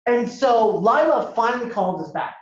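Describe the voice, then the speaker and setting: A man giving a lively storytelling talk as a guest speaker at a university, acting out dialogue in a casual way. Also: very high voice, normal speed. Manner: animated, acts out dialogue, casual. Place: university lecture hall. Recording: echoey hall, dull lo-fi sound.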